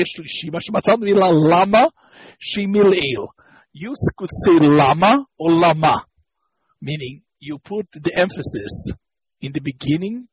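A man's voice: high-pitched, breathy edge, low-quality recording. A man teaching a lesson on Hebrew grammar. He explains step by step, repeats key points, and stops to search for words. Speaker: Torah teacher.

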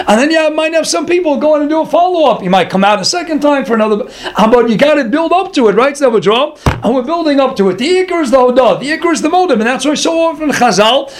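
A man teaching a Torah lecture as a rabbi. He asks rhetorical questions and acts out pleas as little dialogues. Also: very high-pitched.

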